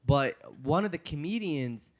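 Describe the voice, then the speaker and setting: A young man, a comedian, chats on a podcast with a slightly high voice. He tells stories in an animated way, acting out what people said and breaking into laughs. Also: a little slow. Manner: animated storyteller, acts out quotes, laughs often. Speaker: guest comedian. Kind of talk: casual podcast chat.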